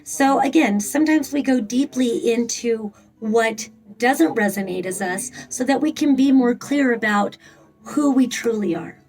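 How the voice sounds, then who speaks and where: Slightly high-voiced woman reading tarot. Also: measured pace, darkish tone, rough recording. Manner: rambling, with frequent fillers and blunt swearing. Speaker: tarot reader.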